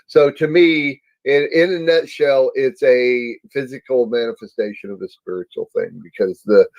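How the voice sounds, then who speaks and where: A man co-hosting a Christian talk show, explaining slowly with many restarts and fillers. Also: medium pitch, darkish tone, no room sound, dull audio. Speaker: co-host. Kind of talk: faith talk show discussion.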